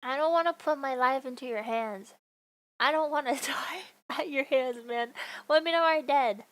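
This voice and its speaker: A woman's voice: sits high, normal speed, fairly bright tone. A young woman livestreaming, chatting casually to her viewers in a playful, goofy way with frequent laughter. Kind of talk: casual stream chat.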